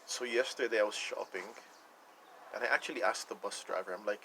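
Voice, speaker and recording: A vlogger with a lowish voice talks fast and casually into the camera over background noise. It's a personal rant where he rambles, repeats himself, and retells conversations.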